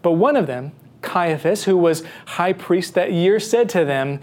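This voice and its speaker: A man reading Scripture aloud and preaching on it, slow and measured with dramatic pauses. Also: high voice, animated, darkish tone. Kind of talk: Bible reading and sermon.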